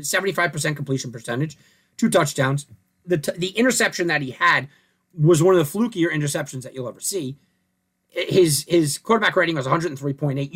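A man hosting a sports talk show with a lively, swooping delivery that sits a little high. He thinks aloud as he breaks down rankings and stats, tossing in rhetorical questions. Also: breathy edge. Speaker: sports radio host. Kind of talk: casual sports talk and analysis.

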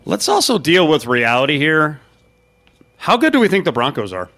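A man hosting a sports talk show, brisk and jokey as he steers the segments. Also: on the high side, wildly swooping pitch, a bit bright. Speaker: host.

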